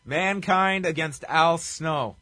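A man's voice: on the high side, takes it slowly, bright, forceful tone, dry recording. A man co-hosting a podcast, wryly recapping a show from his notes in clipped bursts. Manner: wry, running through notes in clipped bursts. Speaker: podcast co-host. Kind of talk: casual recap chat.

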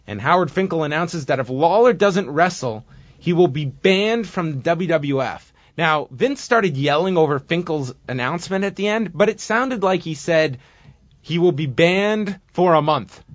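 A man with a slightly higher voice talks through a recap in loose, casual podcast chat. He gets animated when he acts things out. The sound is dull and dry, with a lo-fi edge. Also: moderate pace, no echo. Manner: chatty recapping, animated when acting out moments. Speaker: podcast co-host recapping wrestling.

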